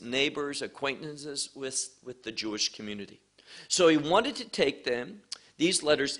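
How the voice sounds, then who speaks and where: A man teaching a verse-by-verse sermon, speaking emphatically and deliberately and stressing key words. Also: a little high, fairly bright tone. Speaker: Bible teacher.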